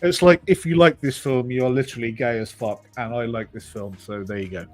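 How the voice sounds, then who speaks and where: A man's voice: mid-range voice, brisk, faint music behind. A man bantering with friends on a voice call, joking, swearing and teasing. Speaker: participant in a group voice chat.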